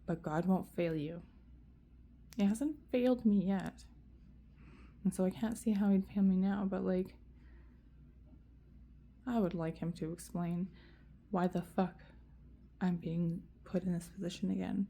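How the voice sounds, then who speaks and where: Woman vlogger, low dark gravelly voice, rambling profane venting to camera. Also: unhurried, pauses often, a little hiss or hum. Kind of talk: emotional rant to camera.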